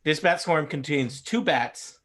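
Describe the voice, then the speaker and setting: Male game master, light teasing tone, slightly high pitch. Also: a little slow, a bit bright. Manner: joking, self-mocking. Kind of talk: casual tabletop game chat.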